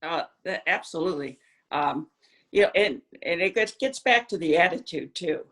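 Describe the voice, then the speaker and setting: Low-pitched woman, hockey parent. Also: lively intonation, a bit bright. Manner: measured, with frequent fillers. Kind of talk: casual podcast discussion.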